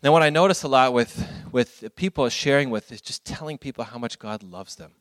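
A man's voice: medium pitch, fairly quick, no room sound, studio quality. A man giving an earnest church talk with slides, telling stories in a rambling way with many restarts. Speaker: ministry speaker.

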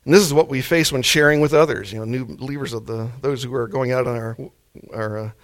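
A man's voice: mid-range voice, fast. A man preaching a sermon in a mild-mannered, laid-back way.

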